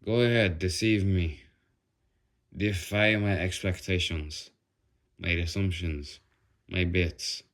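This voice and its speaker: A man's voice: sits low, steady tone, slow pace, pauses often, a bit bright. A man vlogging alone into his phone, rambling through a restless, self-mocking monologue and swearing freely.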